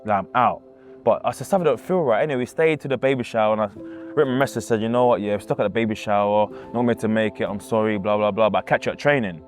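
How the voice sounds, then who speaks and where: A man's voice: fairly low pitch, very fast. Man, casual and emotional storytelling, puts on quoted voices, repeats himself, faint music under him.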